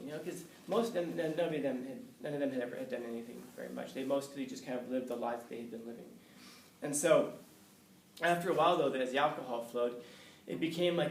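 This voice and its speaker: A man's voice: a little high, fast. A male college professor telling a candid, conversational story to his class, swearing and chuckling now and then. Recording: roomy, distant, faint background hiss.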